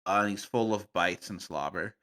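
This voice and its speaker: A man guesting on a podcast, telling tabletop game stories in a playful, animated way with plenty of fillers. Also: deep voice, normal speed. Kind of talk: casual podcast conversation.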